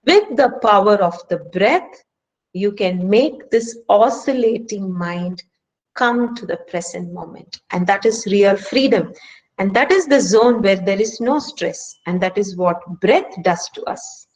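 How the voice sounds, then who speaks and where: A woman's voice: mid-range voice, expressive, a little slow, darkish tone, rough recording. A woman with an Indian English accent leading a stress management workshop and speaking earnestly, with emphatic rhetorical questions. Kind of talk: online workshop lecture. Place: home, speaking remotely.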